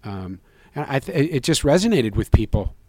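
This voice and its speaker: A man's voice: medium pitch, very animated, moderate pace, darkish tone, dry recording. A man, a filmmaker guest, speaking earnestly, rambling through many restarts and fillers. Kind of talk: conversational interview answer.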